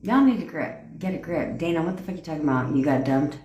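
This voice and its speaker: A woman's voice: low-pitched, lively intonation, quick pace, darkish tone, reverberant, highs cut off. A woman coaching on a livestream, ranting bluntly and profanely and answering viewers' comments. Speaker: manifestation coach. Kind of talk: casual livestream rant.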